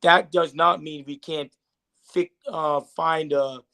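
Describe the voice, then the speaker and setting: A young man holds his ground in a sports podcast argument, defensive and often tripping over his words. His voice sits fairly high for a man. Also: fairly even intonation, slow, pushed and bright. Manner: defensive, stammering restarts. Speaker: podcast co-host. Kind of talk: heated sports debate.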